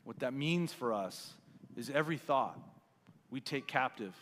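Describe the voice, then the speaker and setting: A man in his forties delivers a casual, conversational sermon from a church. His voice sits at an ordinary middle pitch. A long reverb from the large hall trails after his words. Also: lively intonation, unhurried, a little hiss or hum. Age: 40s. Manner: conversational preaching, quieting for prayer. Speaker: pastor. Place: church sanctuary.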